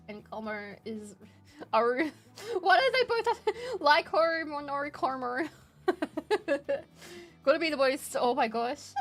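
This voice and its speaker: A young Australian woman streamer chatting casually, animated and emotional, laughing often. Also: fairly high pitch. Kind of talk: casual chat.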